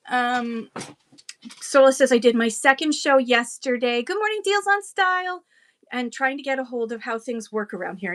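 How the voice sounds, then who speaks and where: A woman's voice: on the high side, fairly bright tone, a little hiss or hum. A woman from Canada hosting a casual live-stream auction, chatty and rambling, greeting viewers by name. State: out of breath.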